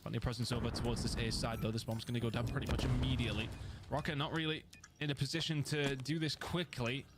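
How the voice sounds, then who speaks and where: A man giving rapid, excitable play-by-play commentary on an esports match, voice rising sharply on big plays. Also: medium pitch, heavy background noise. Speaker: esports caster.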